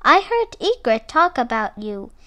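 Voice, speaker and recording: A woman's voice: high voice, animated, slow pace, fairly bright tone, exaggerated voice. A woman voicing a sly male armadillo who tattles in a teasing sing-song in a storybook reading.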